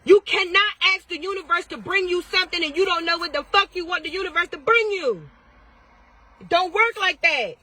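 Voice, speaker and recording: A woman's voice: extremely high pitch, expressive, a little fast, bright, forceful tone. A woman tarot reader giving blunt, profane advice in a casual vlog, firing off repeated questions.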